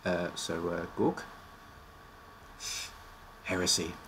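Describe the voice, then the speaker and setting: A man's voice: sits low, steady tone, slow pace, fairly bright tone, a little hiss or hum. A man casually presenting teams on a live stream, his voice slightly worn out, joking and stumbling over odd names.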